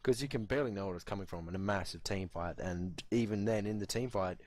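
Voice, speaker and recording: A man's voice: deep voice, fast, a little mellow. An Australian man giving casual color commentary on a video game match. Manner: casual, chatty analysis. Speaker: esports co-caster.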